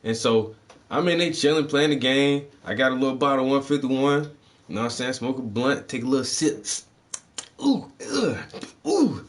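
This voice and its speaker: A man in casual chat, telling stories full of swearing. He jumps into loud, high-pitched outbursts and then drops back to a low, laid-back voice. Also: a little fast. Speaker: livestream host.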